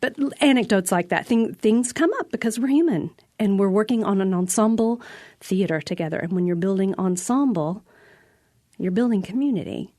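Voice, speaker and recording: A woman guest who runs theater in a prison, talking in a radio interview in an earnest, reflective way, often pausing and restarting. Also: mid-range voice, lively intonation, mellow, no room sound, clean studio sound.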